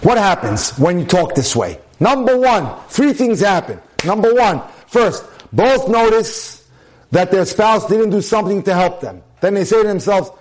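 With a high voice that swings widely in pitch, a man speaks at normal speed in a slightly mellow tone. He's giving an emphatic sermon on marriage, repeating phrases and throwing out rhetorical questions.

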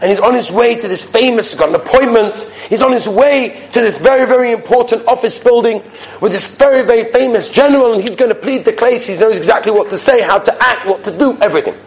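A Torah teacher delivers his weekly lecture as an animated storyteller, acting out the dialogue and swinging between loud exclamations and soft asides. His voice is very high-pitched and quick, and the audio is poor.

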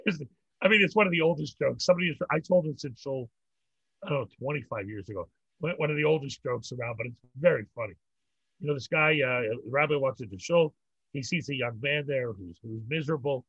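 A man's voice: medium pitch, lively intonation, fairly quick, fairly bright tone, husky, no echo, lo-fi sound. An older man, a rabbi, talking in a rambling way and telling old jokes, often repeating words and laughing. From North America. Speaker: rabbi, interview guest. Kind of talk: storytelling conversation.

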